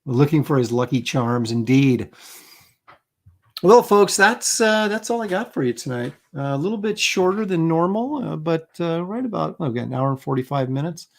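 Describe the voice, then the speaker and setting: Gravelly-voiced man hosting a casual livestream. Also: a little high, expressive, normal speed. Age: middle-aged. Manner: chuckling, rambling, reads chat comments aloud. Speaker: livestream host.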